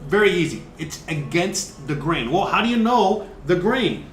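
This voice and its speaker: A man's voice: high voice, big pitch swings, moderate pace, echoey room, faint music behind. A man hosting a casual cooking livestream, chatting and explaining each step, cursing now and then. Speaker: cooking show host.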